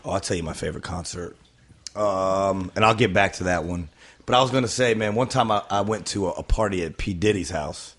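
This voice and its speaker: A man who is a guest on a podcast, telling his stories in an easy, casual way. His voice is fairly low, and he talks at a brisk, quick clip, so the words spill out fast. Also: a bit bright, slightly rough. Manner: quick, easygoing anecdotes. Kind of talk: casual chat.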